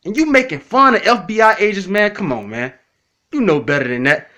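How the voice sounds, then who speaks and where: Man, casual response video, blunt, repetitive, profane, bright tone. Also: sits high, animated, a little fast. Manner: blunt, repetitive, profane, addresses critics directly. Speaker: YouTube commentator.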